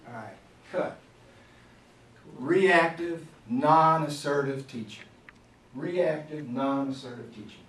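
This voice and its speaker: A man in his fifties gives a lively classroom management workshop, his voice a little high and lively as he acts out scolding teachers and students. He is recorded from a distance in a roomy, echoing space, with faint noise underneath. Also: slow pace, pauses often. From Florida, USA. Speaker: teacher trainer. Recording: echoey room, distant mic, faint noise.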